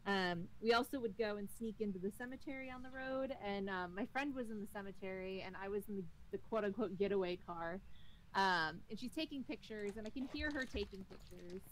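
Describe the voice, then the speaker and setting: A woman's voice: medium pitch, brisk, low-quality recording. A young woman in casual group chat spins a spooky story in a rambling way, full of fillers. Faint background noise sits under her voice.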